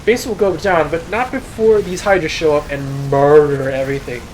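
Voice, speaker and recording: A man's voice: on the high side, steady tone, normal speed, darkish tone, slight background noise. A young man giving casual, self-deprecating solo commentary on a strategy game replay. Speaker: game caster.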